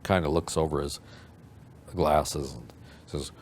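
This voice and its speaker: A man's voice: a bass voice, takes it slowly, darkish tone, a little hiss or hum. An older man telling a story from his youth in an archival interview, rambling and acting out the people he quotes.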